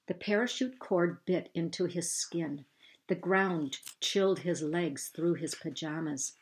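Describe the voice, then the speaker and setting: A woman reading a children's novel aloud, measured and unhurried, lifting her voice for the characters. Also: fairly low pitch. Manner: slow, measured storytelling with raised voices for dialogue. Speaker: reader.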